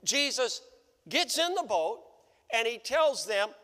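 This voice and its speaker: A man's voice: extremely high pitch, sing-song, takes it slowly, sharp tone, big-room sound. A man preaching a sermon as pastor, working through the story with repeated rhetorical questions. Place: church sanctuary.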